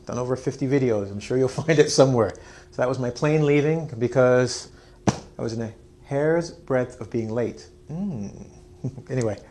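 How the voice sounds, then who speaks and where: A man's voice: mid-range voice, moderate pace, a little mellow, slight background noise. A man teaching an English lesson on video, joking, mocking himself and acting out his students. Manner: playful, self-mocking, acts out students.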